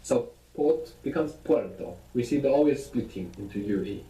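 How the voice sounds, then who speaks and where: A man's voice: medium pitch, animated, moderate pace, distant mic, a crowd in the background. A man teaching as a language teacher in a recorded audio lesson, explaining patiently and guiding with questions. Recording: echoey audio played from a speaker across a room.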